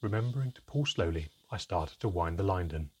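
Narrator: a low-voiced man with a very smooth, resonant tone, reading a story in a measured way. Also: expressive. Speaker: audiobook narrator. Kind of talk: scripted narration.

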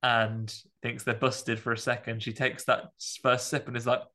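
A podcast co-host recaps a film scene by scene in easygoing chat, his voice in an ordinary middle pitch. He tells the story with lots of energy, dropping into quick character voices and laughing as he goes.

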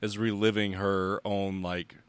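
A man's voice: on the low side, little pitch movement, measured pace, smooth, no room sound. A man co-hosting a casual podcast chat, a father who makes wry, jokey asides. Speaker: podcast co-host.

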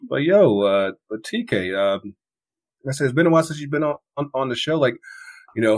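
A man's voice: medium pitch, expressive, a little fast. Guy hosting a sports podcast, laughs a lot, stumbles and restarts, regular voice. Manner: laughing, riffing, stammering restarts. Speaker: podcast host. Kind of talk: casual sports chat.

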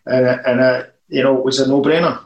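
A man's voice: medium pitch, flat delivery, a little fast, echoey room, highs cut off. A man, a former football manager telling rambling anecdotes in a casual interview.

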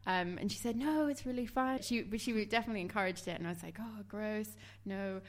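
A woman's voice: mid-range voice, fairly quick. A woman hosting a casual podcast chat, laughing often as she talks. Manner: laughs often, reacts warmly. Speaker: podcast host.

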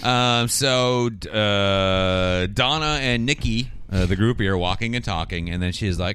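A man's voice: fairly low pitch, unhurried, few pauses, slight background noise. A man casually recapping a TV episode, acting out the characters' lines in shifting voices. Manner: animated retelling, acts out quotes in changing voices. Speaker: podcast host recapping a TV episode. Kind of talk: casual chat.

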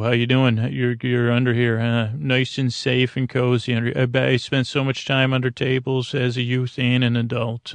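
A man hosting a comedy podcast, improvising a comic scene in a halting way, full of fillers and restarts. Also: mid-range voice, creaky, no room sound.

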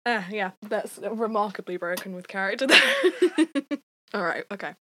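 A woman's voice: mid-range voice, lively intonation, normal speed, sharp tone, slight background noise. A woman who co-hosts an audio drama podcast, laughing and teasing between takes. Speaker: podcast co-host and voice actor. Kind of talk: casual chat between takes.

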